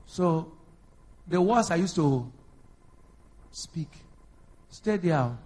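A man preaching a sermon, calling out to the congregation and rising to loud, emphatic bursts. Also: on the high side, animated, very slow. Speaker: pastor.

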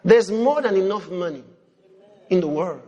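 A man preaching a sermon, animated, swinging between loud outbursts and low murmurs as he acts out people praying. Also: moderate pace. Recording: long hall reverb.

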